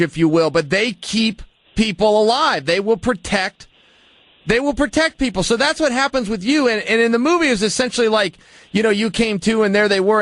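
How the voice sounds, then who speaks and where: A man's voice: sits high, fairly bright tone, no echo. A male interviewer who stammers and repeats words as he asks questions.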